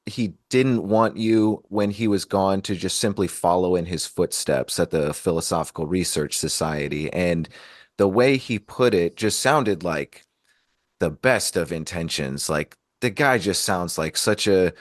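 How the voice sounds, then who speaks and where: A man hosting a podcast interview, asking long halting questions full of ums. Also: low-pitched, no room sound, clean studio sound. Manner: halting, many fillers, admiring questions. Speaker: podcast host. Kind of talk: casual interview.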